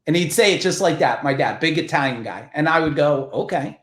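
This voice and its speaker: A middle-aged man from New Jersey with a New Jersey accent, a podcast guest telling business stories in a blunt, profane, animated way. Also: on the high side, fairly quick, few pauses, reverberant. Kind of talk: casual podcast storytelling.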